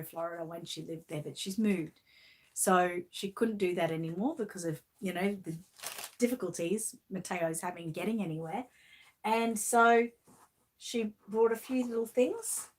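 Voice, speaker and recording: A woman's voice: medium pitch, slight background noise. Gushing Australian woman unboxing a gift. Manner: gushing, emotional, talks to viewers. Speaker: channel host unboxing a gift. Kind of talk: casual live-stream chat.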